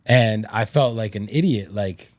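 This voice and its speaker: A man's voice: fairly low pitch, measured pace, no echo. A man on a casual podcast, talking hesitantly and self-deprecatingly, often restarting his sentences.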